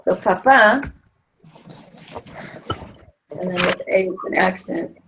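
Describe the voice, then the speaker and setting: A woman's voice: mid-range voice, takes it slowly, background noise. A middle-aged woman teaching a Spanish class, explaining patiently with many fillers and restarts.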